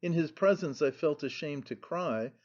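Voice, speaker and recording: A man reading an audiobook in a slow, measured narration, in a dull lo-fi recording. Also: on the high side, animated, darkish tone.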